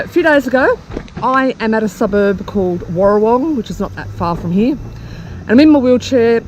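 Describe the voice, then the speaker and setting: Australian woman, casual vlog, chatty and self-mocking, middle pitch, street traffic noise behind. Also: rough recording. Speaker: vlogger. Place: outdoors on a street in a wheelchair.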